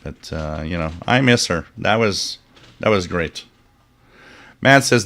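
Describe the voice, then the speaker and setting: A man's voice: deep voice, normal speed, fairly bright tone. A man hosting a live stream, telling rambling stories with chuckles and fillers and reading out viewer comments. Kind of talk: casual chat.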